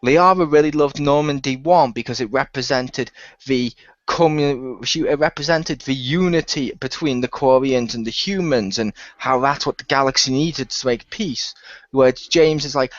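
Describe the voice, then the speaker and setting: A man's voice: medium pitch, moderate pace, dry recording. Rambling, laughing male podcast host. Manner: rambling, animated storytelling with frequent laughs. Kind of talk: casual chat. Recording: muffled lo-fi dry recording.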